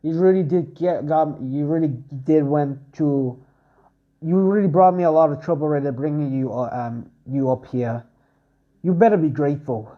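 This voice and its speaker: A man voicing a serious, muscular swordsman who acts as a gruff mentor. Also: a little high, moderate pace, muffled recording, natural voice.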